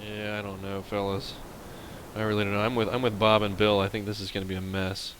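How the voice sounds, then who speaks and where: A man's voice: lowish voice, flat delivery, fairly quick, a bit bright, a little hiss or hum, low-quality recording. A man from Pennsylvania commenting on a game and telling a rambling story to viewers in a casual, chatty way. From Pennsylvania, USA. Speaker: let's play host.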